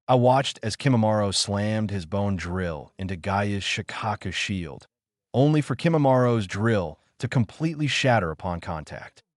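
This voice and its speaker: A man reading a first-person fanfiction story aloud in a flat, even narrating voice. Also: on the low side, normal speed, dry recording, clean studio sound.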